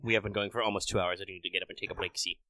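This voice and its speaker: A man running a tabletop game as game master over voice chat, talking quickly and chattily and correcting himself mid-sentence. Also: sits low, steady tone, pushed and bright, dry recording.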